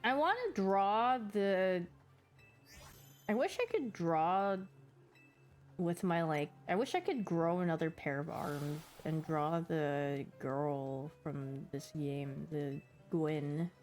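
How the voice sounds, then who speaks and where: A woman's voice: low voice, slow pace, darkish tone, soft background music. Giggly chatty woman streamer. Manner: chatty and giggly, acting out her pet's reactions. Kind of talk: casual chat.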